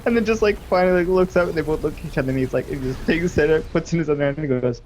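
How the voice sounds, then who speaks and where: A young man in his twenties, chatting and telling a high school story while streaming a game, animated and full of fillers. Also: rapid-fire. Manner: animated, laughing, lots of fillers. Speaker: gaming streamer. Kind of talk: casual storytelling while gaming.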